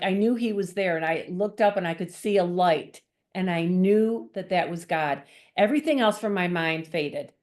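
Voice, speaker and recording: Woman with a slightly low voice, heartfelt guest testimony, sincere and open. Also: a little mellow. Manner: earnest, emotional storytelling. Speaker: guest author sharing testimony. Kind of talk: personal faith testimony.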